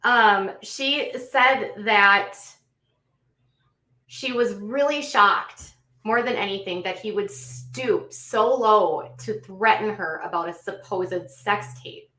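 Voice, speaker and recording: Bright-voiced woman recapping, echoey room. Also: medium pitch. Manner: measured retelling with frequent um and self-corrections. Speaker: commentary channel host. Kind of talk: recapping a story with commentary. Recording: echoey room, voice a bit off the mic.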